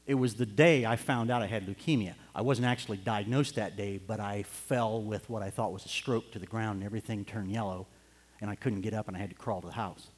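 Here the middle-aged pastor sounds lower and slightly rough, speaking a little fast with fairly even intonation. His sermon moves from an earnest personal story into fervent urging, with long hall reverb on the recording.

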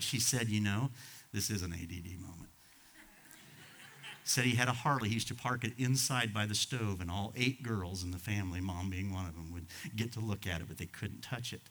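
A man in his sixties preaching a sermon as a pastor, impassioned, swinging from loud outbursts to hushed asides. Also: medium pitch. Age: 60s.

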